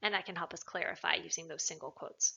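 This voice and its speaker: Bright-voiced woman explaining punctuation. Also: on the low side, steady tone, quick pace, lo-fi sound. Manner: clear, explanatory, leans on stressed words. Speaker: writing tutor. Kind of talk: recorded lecture narration.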